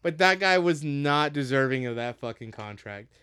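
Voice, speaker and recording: A man's voice: mid-range voice, lively intonation, moderate pace, pushed and bright, clear, resonant tone, no echo. A young American man co-hosting a podcast, ranting heatedly and swearing constantly. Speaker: podcast co-host. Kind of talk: casual profane rant.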